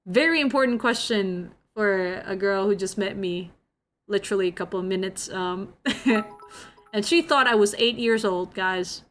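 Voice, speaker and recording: A woman's voice: medium pitch, a little slow, soft background music. A young woman from Indonesia, chatting casually on a livestream and greeting viewers by name. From Jakarta, Indonesia. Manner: bubbly, greets chat by name. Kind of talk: casual stream chat.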